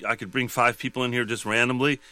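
A man in his sixties, a guest in a studio interview, talking in a halting, rambling way with many restarts. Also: mid-range voice, flat delivery, bright, forceful tone, no echo. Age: 60s. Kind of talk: casual interview chat.

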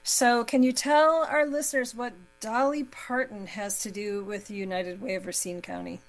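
A woman's voice: on the high side, steady tone, normal speed, low-quality recording. A woman moderating a local radio interview show, friendly and chatty, now and then tripping over her words.

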